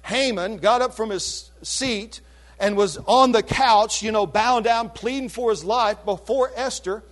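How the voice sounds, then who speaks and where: A man preaching a sermon, retelling a scripture story in an animated, chatty way with casual asides. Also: high-pitched, unhurried.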